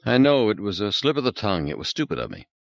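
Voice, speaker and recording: A man voicing a tough, blunt female biologist who speaks briskly and directly. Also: on the low side, huge pitch swings, vocal fry, no echo, lo-fi sound, pitched above the performer's own voice, exaggerated voice. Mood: tense. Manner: brisk, lightly raised, direct.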